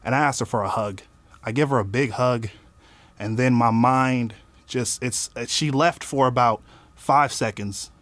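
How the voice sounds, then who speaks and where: A man casually telling a personal story in an animated way, swearing often and acting out what he said at the time. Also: mid-range voice, measured pace, dry recording. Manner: animated, swearing, acts out his own quotes. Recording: faint music underneath.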